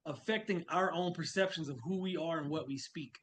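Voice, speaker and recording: A man's voice: fairly high pitch, fairly quick, fairly bright tone. A man from Louisiana, a guest in an interview, speaking frankly and telling stories from his own experience. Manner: frank, storytelling, acts out quoted remarks. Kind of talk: conversational interview.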